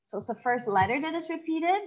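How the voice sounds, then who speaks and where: A woman teacher explaining to her class in a lecture, often checking in with a quick tag question and slowing down to read examples aloud. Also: high-pitched, lively intonation, dull audio.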